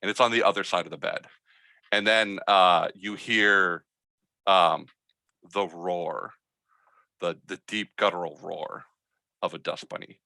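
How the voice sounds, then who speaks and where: A man narrating a tabletop game as game master, telling the scene in a loose, halting way with many fillers. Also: low voice, steady tone, gravelly, bright, forceful tone, dry recording. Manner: hesitant, filler-heavy storytelling.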